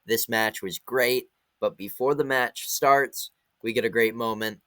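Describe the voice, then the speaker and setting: Young man, bright tense voice, casual wrestling recap, excited play-by-play, dry recording. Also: medium pitch, measured pace, dry recording. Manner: excited play-by-play retelling of matches. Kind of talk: casual event review.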